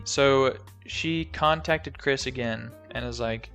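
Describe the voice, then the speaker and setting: A man's voice: mid-range voice, expressive, moderate pace, few pauses, a bit bright. A young man recapping a movie plot in a casual, jokey, rambling way with lots of fillers. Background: faint background music.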